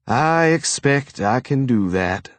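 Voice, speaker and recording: A man's voice: mid-range voice, animated, slow pace, dry recording. A man voicing a meek, henpecked middle-aged father who talks in a resigned way.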